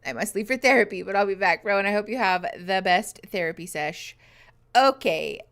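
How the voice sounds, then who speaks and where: Woman streamer goofing around w chat, teasing, laughy, mid pitch. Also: a bit bright, smooth. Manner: playful, teasing, laughs often. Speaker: host reacting to a show live. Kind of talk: casual livestream chat.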